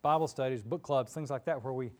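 A male pastor preaching in a relaxed, conversational storytelling manner. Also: medium pitch, a little fast. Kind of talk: sermon.

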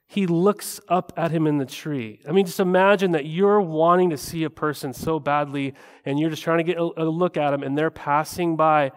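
A man's voice: on the high side, long reverb tail. A man preaching a sermon as a pastor, talking in a conversational way and often tossing in rhetorical "right?" asides.

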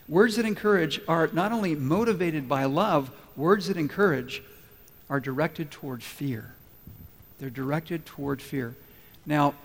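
Male pastor, sermon delivery, slightly higher voice, hall reverb, emphatic repeats. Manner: emphatic, repeats key phrases slowly. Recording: long reverb of a large hall.

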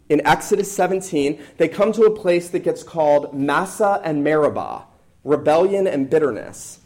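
A man preaching from the pulpit in a fairly high voice. He hammers on key words, rising loud on some and dropping low and soft on others. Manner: emphatic, repeats key words, swings from loud to quiet. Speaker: pastor. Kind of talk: sermon.

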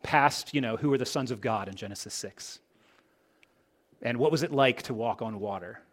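A man's voice: medium pitch, moderate pace. A man preaching a sermon to a congregation, asking the listeners rhetorical questions. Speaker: pastor.

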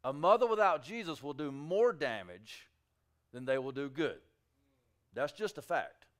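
Male pastor, slightly higher pitch, clear smooth voice; dynamic sermon delivery, shifts from hushed to loud. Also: very animated, unhurried. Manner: emphatic preaching with rising shouts and quiet drops. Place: church sanctuary.

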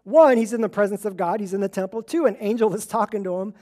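Woman preacher, mellow warm voice, casual storytelling sermon, acts out the quotes. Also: medium pitch, fast talker. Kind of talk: conversational sermon.

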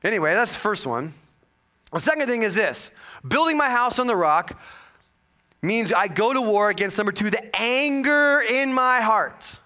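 A male pastor preaching a sermon, telling a personal story with humor and bursts of loud excitement. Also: high voice, moderate pace. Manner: animated storytelling with jokes and sudden loud bursts.

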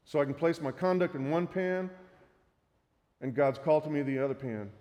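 A man's voice: on the high side, normal speed, dull audio. Man preaching a sermon in a hall. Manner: reads scripture aloud, then teaches. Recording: reverberant hall.

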